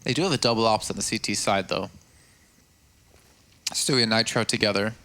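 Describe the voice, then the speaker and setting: A man commentating live on an esports match in a measured, analytical way. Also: lowish voice, bright, forceful tone.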